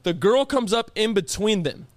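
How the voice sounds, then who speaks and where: A man's voice: sits high, expressive, moderate pace, dry recording. A young man co-hosting a podcast, telling a story in casual chat with lots of emphasis and laughter. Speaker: podcast co-host.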